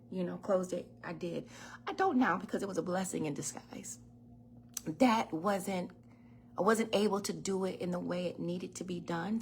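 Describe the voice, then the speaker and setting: A woman's voice: lowish voice, gravelly, fairly bright tone, slight background noise. A woman talking casually on a kitchen livestream as host, telling stories with laughs and the odd swear word. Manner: chatty storyteller, laughs and swears freely. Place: home kitchen. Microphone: phone or webcam in a home kitchen.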